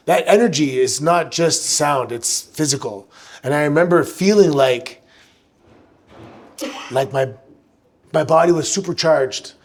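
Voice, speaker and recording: Brief: man, slightly high voice, animated chatty storyteller at a live fan Q&A. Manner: animated, chatty storyteller who restarts sentences. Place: live show venue with audience.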